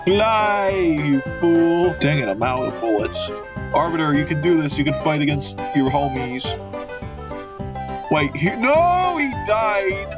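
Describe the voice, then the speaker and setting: A young man giving goofy, excitable commentary while playing a video game, joking and trash-talking the enemies. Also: fairly high pitch, moderate pace, over music. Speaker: gamer. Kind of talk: let's play commentary.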